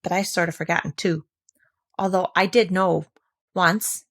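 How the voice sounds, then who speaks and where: A woman's voice: lowish voice, steady tone, measured pace, fairly bright tone. A woman voicing a fussy, know-it-all male rabbit who reasons things out aloud in a storybook reading. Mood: musing.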